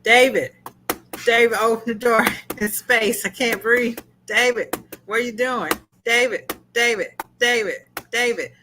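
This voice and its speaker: A woman's voice: a little high, a little slow, background noise, voice pushed up, natural voice. A woman voicing a panicked man astronaut who is locked outside and pleading to be let back in. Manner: pleading, repeating a name.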